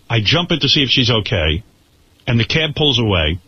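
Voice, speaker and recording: Radio host guy telling a story, husky voice, does all the quotes himself, kinda dull broadcast sound. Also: mid-range voice, brisk. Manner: animated storytelling, acting out quoted dialogue, stammering restarts.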